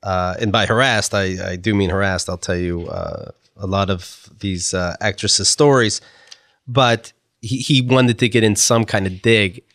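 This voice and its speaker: A man's voice: lowish voice, expressive, measured pace, fairly bright tone, no room sound. A man co-hosting a casual talk show, telling rambling stories and slipping into imitations of people. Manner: rambling storyteller, mimics voices. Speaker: co-host. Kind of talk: casual podcast banter.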